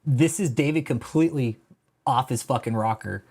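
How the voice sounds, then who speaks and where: A man's voice: medium pitch, moderate pace, a little mellow, breathy edge. A man hosting a casual livestream, talking in a profane, mocking way, laughing and calling people bro. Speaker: livestream host.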